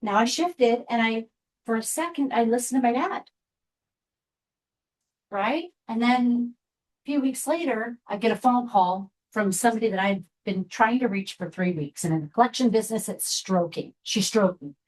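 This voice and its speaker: A woman's voice: fairly high pitch, normal speed, poor audio. Chatty storytelling woman in her fifties. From Seattle, USA. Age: 50s. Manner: candid, chatty storyteller with frequent asides. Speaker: guest speaker. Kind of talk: personal storytelling talk to a group.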